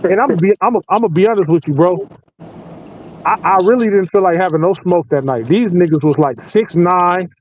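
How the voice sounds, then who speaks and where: Sitting in a parked vehicle, a forties-aged podcast host on night security patrol animatedly trades profane stories and laughs along. His voice sits high and moves fairly quickly, and the audio is muffled lo-fi with a faint hiss.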